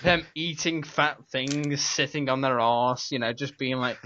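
A man's voice: medium pitch, a little slow, bright, forceful tone, a little hiss or hum. A young British man co-hosting a gaming podcast, chatting loosely and rambling, often laughing. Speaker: podcast co-host. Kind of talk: casual chat. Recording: dull, dry home recording.

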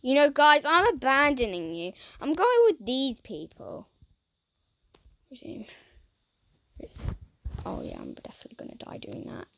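A woman giving casual gameplay commentary, dramatic and excitable, who keeps talking to her viewers and often drops into a whisper. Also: sits high, unhurried, creaky, pauses often. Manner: excitable and dramatic, swinging between squeals and whispers; chats to viewers while playing. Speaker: gaming channel host.

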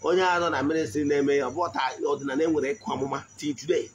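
A man giving a spiritual teaching in a slow, deliberate voice, often asking his listeners if they follow. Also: a little high, fairly even intonation, muffled recording, a little hiss or hum. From Nigeria. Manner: switches between Igbo and English, frequent check-ins. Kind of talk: spoken teaching.

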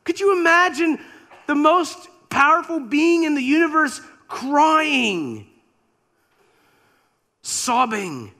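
A man's voice: very high-pitched, very animated, takes it slowly, long pauses, bright, forceful tone. A man preacher telling a scripture story in a sermon with dramatic, imaginative retelling.

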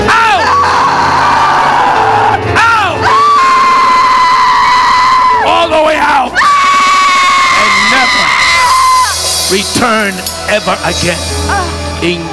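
A man, a prophet, leading a deliverance prayer with commanding, mocking shouts and repeated orders. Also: high voice.

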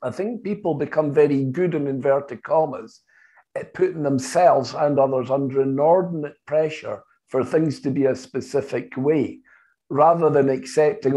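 A British man, a psychotherapist guest in an interview, speaking in a measured, anecdotal way and acting out the dialogue in his stories. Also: medium pitch, dark tone. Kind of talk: interview, storytelling.

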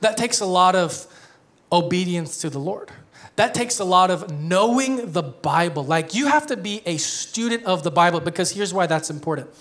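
A man in his thirties preaches to his church in a loose, conversational way. His voice sits a little high, and he keeps slipping into jokes and quick laughs between points. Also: animated, fairly bright tone. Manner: conversational, joking, laughs often. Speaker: pastor. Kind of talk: sermon.

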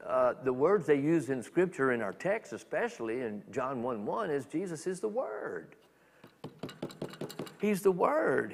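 A man preaching a sermon as a minister, talking in a conversational, animated way with quick acted asides. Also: high voice, big-room sound. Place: church sanctuary.

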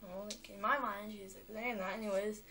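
A young girl talking on a vlog, chatty and animated, with lots of filler words. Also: mid-range voice, brisk, a little hiss or hum. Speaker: vlogger. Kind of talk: rambling vlog monologue.

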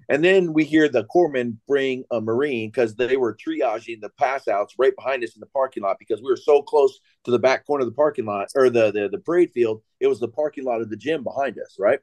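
A man on a podcast crew telling a story in an animated way, often checking in with his listeners. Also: medium pitch, brisk, few pauses. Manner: animated, keeps checking in with "right?". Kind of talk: casual storytelling.

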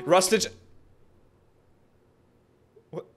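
A man hosting a reaction video in casual commentary, excitable and rambling, often stumbling over his words. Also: drawn-out words, faint music behind.

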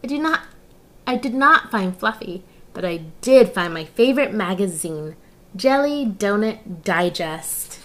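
A woman voicing an eager male lion detective who is crazy about food, with a slow, drawn-out, playful delivery. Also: mid-range voice, lively intonation, natural voice.

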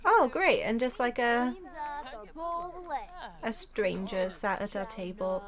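A woman's voice: a little high, lively intonation, slow pace, pauses often, a crowd in the background. A young woman hosting a gaming channel, chatting casually through a life-sim playthrough and laughing easily. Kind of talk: casual let's-play narration.

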